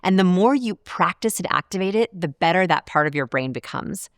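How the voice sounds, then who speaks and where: A woman behavioral researcher giving an instructional talk to camera, clear and measured, slowing down to stress key points. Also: on the low side, lively intonation, dry recording, clean studio sound. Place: studio.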